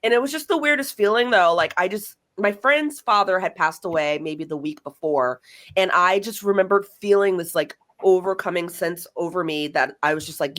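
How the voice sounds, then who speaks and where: A woman's voice: lowish voice, normal speed. Woman host, young adult, conversational storytelling, acts out quoted lines. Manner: animated, acts out quoted dialogue. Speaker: podcast host.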